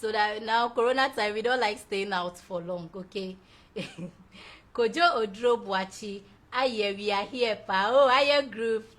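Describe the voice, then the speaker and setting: A woman's voice: mid-range voice, a little slow, fairly bright tone. A young woman hosting a show, chatting effusively and laughing often as she reads out viewer messages. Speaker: show host. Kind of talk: casual live-show chat reading viewer comments.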